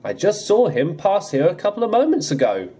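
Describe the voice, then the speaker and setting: A man's voice: sits high, wildly swooping pitch, brisk, warm tone, husky, pitched above the performer's own voice, full character voice. Thomas, a man doing a grumbling little engine. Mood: friendly. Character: cheeky, easily annoyed small male tank engine. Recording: music playing under the voice.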